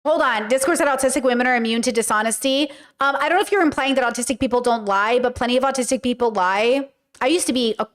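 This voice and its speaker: A woman with a high voice hosts a casual commentary podcast. She talks in a chatty, animated way and slips into quick acted-out lines of dialogue. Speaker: podcast host reacting to a clip.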